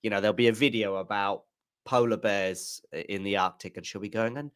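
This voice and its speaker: A man's voice: on the low side, steady tone, brisk, clean tone, no echo, studio quality. A man co-hosting a live tennis watchalong, chatting casually and rambling with self-mocking asides. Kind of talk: casual live-stream chat.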